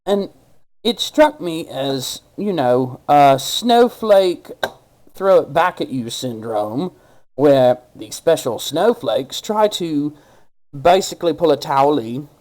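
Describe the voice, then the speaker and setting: A man doing online commentary in a sarcastic, mocking rant. He leans into a put-on accent, rough and gravelly. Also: fairly high pitch, animated, slow, darkish tone, low-quality recording. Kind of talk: ranting commentary.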